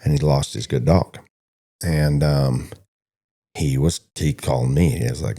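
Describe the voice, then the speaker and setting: Very deep gravelly man, loose rambling talk. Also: steady tone, a little slow, mellow. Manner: rambling storyteller who acts out quoted conversations. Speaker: podcast co-host, stockdog trainer. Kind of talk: casual podcast chat.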